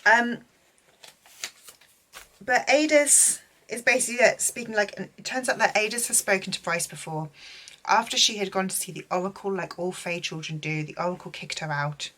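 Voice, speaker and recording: A woman's voice: mid-range voice, moderate pace, sharp tone. A young woman giving a casual, gushing book recap, full of filler words. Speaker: book vlogger.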